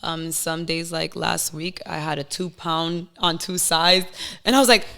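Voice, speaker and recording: Candid young woman guest, low-pitched. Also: unhurried, gravelly. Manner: candid, emotional, animated storytelling. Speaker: podcast guest. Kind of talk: casual chat.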